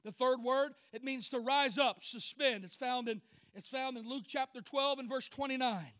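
High, bright-voiced pastor preaching. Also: male voice, normal speed. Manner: call-and-response preaching, rising to shouts. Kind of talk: sermon. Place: church.

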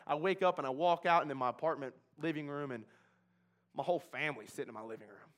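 A man from Kentucky telling his recovery story as a personal testimony, emphatic and repetitive, swinging from hushed to loud. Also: a little high, fast talker. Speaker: speaker sharing a recovery testimony.

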